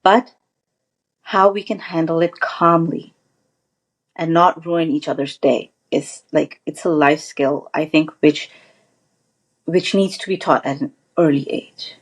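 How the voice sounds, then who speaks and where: Low-ish voiced woman mindfulness coach on a podcast, earnest, kinda rambly. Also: measured pace, husky. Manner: earnest and reflective, many restarts and "like". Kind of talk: casual interview chat.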